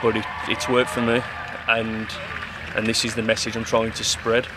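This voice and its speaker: Plain-spoken man, flat voice. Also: lowish voice, normal speed, very noisy. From English West Midlands. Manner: plain-spoken, calls the host buddy and mate. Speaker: poet and interview guest. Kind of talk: casual interview chat. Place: outdoor event with music behind. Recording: outdoor event with loud music behind. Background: live music.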